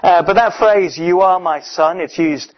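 A man preaching a sermon in a conversational, emphatic way, often pausing with fillers. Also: high voice. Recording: dull, muffled recording.

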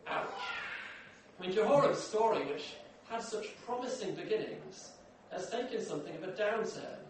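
A man's voice: high voice, animated, moderate pace, slight background noise. A man preaching a sermon in a conversational way, often asking the room questions. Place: large echoey church hall. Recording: echoey hall from far off.

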